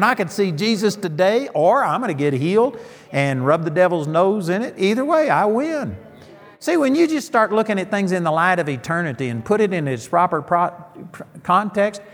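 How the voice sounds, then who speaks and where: A man's voice: high voice, in a large hall. A middle-aged man preaching a sermon, telling folksy stories and landing emphatic punchlines.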